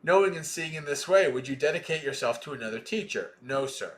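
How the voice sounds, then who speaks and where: A man reading a Buddhist scripture aloud in a slow, measured way, with plain explaining asides between passages. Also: fairly high pitch, lively intonation, a bit bright. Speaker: Dhamma reader.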